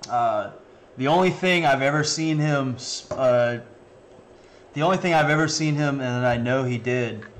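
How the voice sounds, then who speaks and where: A man's voice: medium pitch, slight background noise. A man reacting to a clip, swearing often and sounding incredulous. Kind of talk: casual reaction commentary.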